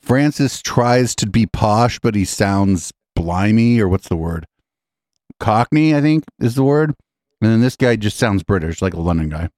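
A man's voice: lowish voice, lively intonation, unhurried, a little mellow, no echo, studio quality. A man co-hosting a podcast, reacting to a clip with sarcastic, swearing, mocking remarks. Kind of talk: casual chat.

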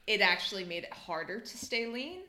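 A woman's voice: mid-range voice, expressive, moderate pace, pushed and bright, slight background noise. A woman co-hosting a sports podcast, chatting casually and laughing easily, often trailing off and restarting. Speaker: podcast co-host. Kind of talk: casual chat. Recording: echoey room.

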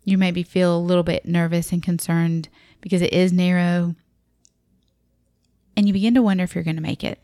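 Woman, lowish voice, dry close sound, reflective and vivid storyteller. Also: fairly even intonation, brisk, pauses often, dark tone, no echo. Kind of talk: personal storytelling talk.

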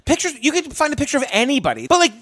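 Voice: high voice, huge pitch swings, racing, fairly bright tone, no echo, clean studio sound. A podcast co-host in casual chat, chatty and emphatic, retelling a documentary story. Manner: chatty, emphatic, lots of fillers.

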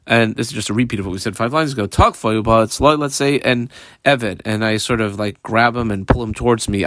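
A man's voice: mid-range voice, fairly bright tone, no echo, studio quality. A man teaching a Talmud page step by step. He reads terms aloud, translates them, and calls out punctuation marks. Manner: explains step by step, mixes in Hebrew and Aramaic terms. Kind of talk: daily page Talmud lesson.

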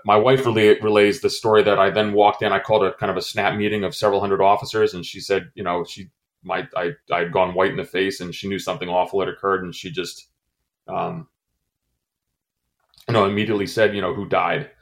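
A middle-aged man with a very low, deep voice speaks in an interview. He talks haltingly, full of fillers and restarts, with emotion close under the surface. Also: level tone. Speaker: former intelligence station chief. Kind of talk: interview, personal recollection.

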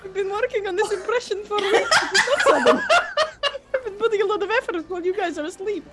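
A woman's voice: very high voice, lively intonation, fairly bright tone. A woman playing in a tabletop game, playful and giggly, teasing the others. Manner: playful and giggly, quick to tease. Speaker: player.

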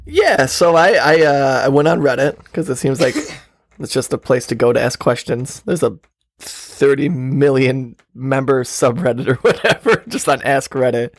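A man's voice: medium pitch, animated, moderate pace, dry recording, studio quality. A man co-hosting a podcast, chatting casually, sarcastic and swearing freely. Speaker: podcast co-host. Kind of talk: casual chat.

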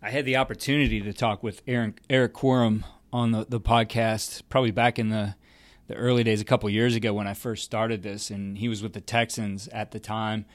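A man's voice: on the low side, little pitch movement, brisk. A man hosting a podcast, talking in a loose, conversational way. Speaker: podcast host. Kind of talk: casual interview chat.

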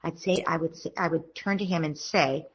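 A woman, a parenting expert, calmly explaining what parents can say to children who are fighting. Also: sits low, a little fast, breathy edge, dull audio. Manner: calm, explanatory, acts out gentle parent lines. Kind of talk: advice conversation.

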